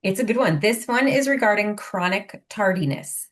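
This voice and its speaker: Woman, podcast co-host, casual chat, chatty, storytelling, mid-pitched voice. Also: moderate pace. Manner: chatty, animated storytelling with lots of "like".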